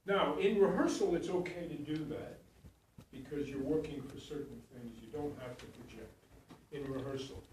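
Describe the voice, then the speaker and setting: A man's voice: fairly high pitch, moderate pace, a little mellow, far from the mic, a little hiss or hum. A man who teaches acting, giving frank notes to his students in a coaching manner. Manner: frank, blunt and coaching, with frequent restarts and "you know". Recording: very echoey room, voice from off the mic.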